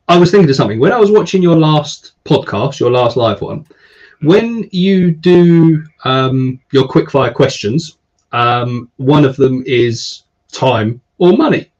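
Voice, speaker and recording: A man hosting a casual live stream, chatting and giving viewers shout-outs. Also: medium pitch. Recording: slightly dull stream audio.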